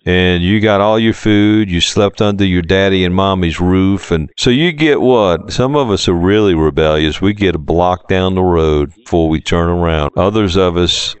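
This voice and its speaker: A man's voice: low-pitched, moderate pace, few pauses, smooth. A man preaching a sermon with fervent, rising and falling emphasis.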